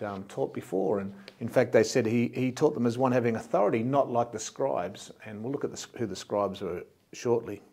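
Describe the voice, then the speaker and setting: A man's voice: mid-range voice, darkish tone. A man from Australia, a pastor, preaching a sermon in a plain, explanatory way and often repeating words as he goes.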